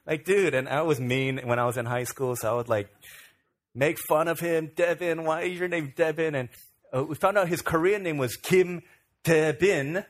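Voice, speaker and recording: A middle-aged man from Virginia, a pastor telling stories in a relaxed, self-deprecating way during a sermon. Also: on the high side, normal speed. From Virginia, USA. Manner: conversational, self-deprecating storyteller. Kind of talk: storytelling sermon.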